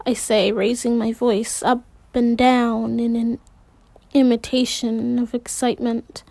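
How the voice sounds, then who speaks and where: Woman reader with a high voice, slow and halting, spells out tricky words, dry close sound. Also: level tone, gravelly, a little mellow, no room sound. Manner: halting, spells out hard words, adds side remarks. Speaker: audiobook reader. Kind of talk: reading a novel aloud with casual asides.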